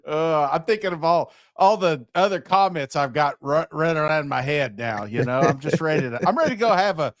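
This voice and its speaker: A man's voice: on the high side, lively intonation, normal speed, no echo, clean studio sound. A man co-hosting a casual sports podcast, joking and laughing often. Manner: laughs a lot, joking, playful. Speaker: podcast co-host.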